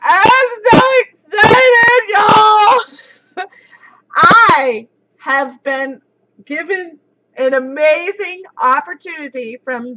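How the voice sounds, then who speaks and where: A woman in her thirties hosting a casual live chat, giddy, giggly and excitable. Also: high-pitched, rough recording. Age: 30s. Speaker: livestream host.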